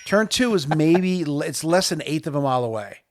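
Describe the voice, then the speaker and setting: A man with a somewhat high voice co-hosting a relaxed podcast. He explains racetrack corners in short bursts and ribs his co-host with dry, teasing asides. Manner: quick interjections and teasing asides. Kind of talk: casual chat.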